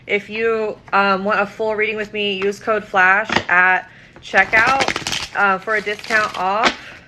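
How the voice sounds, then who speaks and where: A woman's voice: medium pitch, fairly even intonation, slow, heavy background noise. A woman giving tarot readings on a livestream, casual and scattered, with frequent ums and likes and free swearing.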